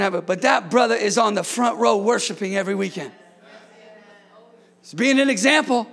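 A man with a very high, gravelly voice preaches a sermon to his congregation. He shouts his key points for emphasis and slips into playful, joking asides between them. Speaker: pastor. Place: church.

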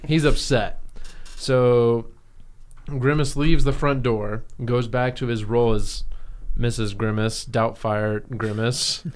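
A man guest on a comedy podcast picks up an improvised absurd tale. He talks slowly and haltingly, often pausing mid-thought. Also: medium pitch, steady tone. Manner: unhurried, halting.

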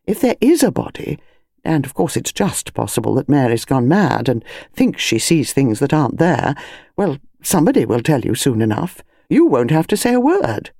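A woman voicing a brisk, matter-of-fact lady of the house in an audiobook. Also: very deep voice, very animated, vocal fry, dark tone, no echo, clean studio sound, full character voice. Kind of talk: audiobook character voice.

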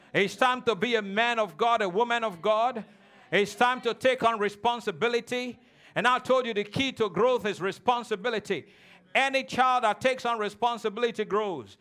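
High-voiced preaching pastor. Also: male voice, fairly bright tone. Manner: preaching with call-and-response, mimicking childish voices. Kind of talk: sermon. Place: church.

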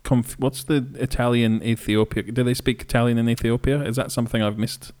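A man's voice: mid-range voice, steady tone, fairly quick, darkish tone. A man co-hosting a comedy podcast, playful and teasing, laughing a lot. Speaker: podcast co-host. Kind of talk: comedic banter.

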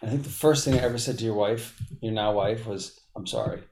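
A man in his forties from Boston, a podcast guest telling stories in a blunt, profane, animated way. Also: on the low side, quick pace, a little hiss or hum. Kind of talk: casual storytelling.

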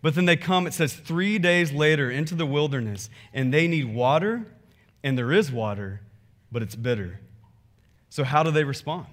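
Animated conversational male preacher. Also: on the high side, moderate pace. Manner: animated and conversational, acting out worshippers and quoting scripture. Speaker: pastor. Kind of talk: sermon.

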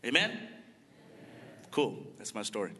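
A man's voice: on the low side, sing-song, measured pace, heavy background noise. A man giving an emotional, earnest church testimony, calling himself a crier. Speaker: mission trip leader sharing testimony. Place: church sanctuary. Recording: long church hall reverb.

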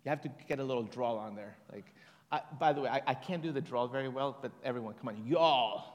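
A man preaching a sermon in a casual, conversational way, with fillers and restarts, slowing down to read scripture deliberately. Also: medium pitch, darkish tone. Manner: reads scripture slowly and deliberately. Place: church hall. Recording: long hall reverb.

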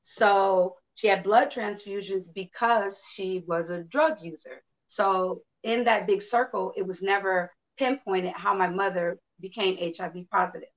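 A Chicago woman in her fifties, with a mid-range voice and lo-fi sound, tells listeners a personal story a little slowly and with hardly any pauses. She's open and animated, dramatizing the quotes and swearing freely.

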